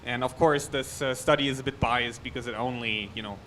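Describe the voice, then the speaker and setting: A man's voice: medium pitch, fairly even intonation, brisk, bright, forceful tone, slight background noise. A man with a German accent giving a conference talk on a technical topic, loose and chatty, with restarts and asides. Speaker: conference speaker. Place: conference hall.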